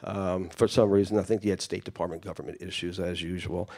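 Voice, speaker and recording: A man with a fairly low voice speaks to a live audience. He tells his anecdotes with relish, switching into the voices of the people in them. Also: fairly quick. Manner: animated anecdote-telling, acts out quoted voices. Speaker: festival speaker sharing family stories. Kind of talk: storytelling talk to an audience.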